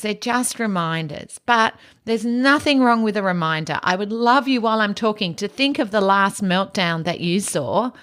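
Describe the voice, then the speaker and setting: A woman with an Australian accent hosting a teaching podcast, giving practical advice in a calm, soft, low-key way. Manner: practical advice, frequent "you know". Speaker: podcast host and educator.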